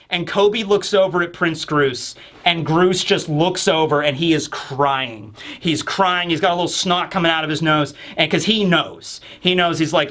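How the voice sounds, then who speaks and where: A man's voice: high-pitched, moderate pace, few pauses, sharp tone. A man in a casual manga review chat, talking enthusiastically and rambling, acting out lines.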